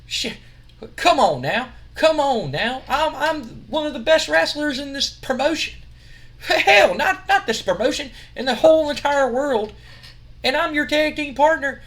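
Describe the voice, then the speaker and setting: A man's voice: sits high, expressive, unhurried, fairly bright tone, pitched above the performer's own voice. A man voicing a whiny, easily offended male wrestler who stammers. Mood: indignant.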